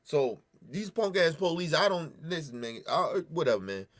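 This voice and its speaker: A man's voice: on the high side, very animated, normal speed. A man hosting a show, angrily ranting and cursing as he reacts to a news clip, sniffling at times. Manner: angry, profane, ranting. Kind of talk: heated commentary.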